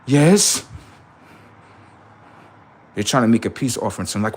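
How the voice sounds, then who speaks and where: Rambling man with lively pitch. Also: a little slow, pauses often, breathy edge. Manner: rambling, repetitive, asks "right?" often. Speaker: streamer. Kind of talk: live-stream commentary and storytelling.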